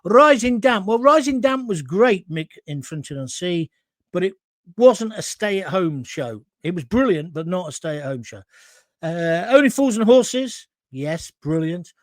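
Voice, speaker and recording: A man's voice: high-pitched, sing-song, unhurried, no room sound, clean studio sound. A middle-aged man hosting a live talk show, chatting through viewer comments and wandering into anecdotes.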